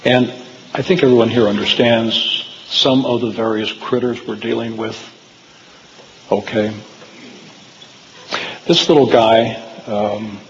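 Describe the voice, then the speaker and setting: A man's voice: medium pitch, dull audio, slight background noise. Man telling stories in a hall. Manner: rambling, with frequent fillers and restarts. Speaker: speaker giving a talk. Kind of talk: storytelling lecture to a live audience. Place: hall with audience.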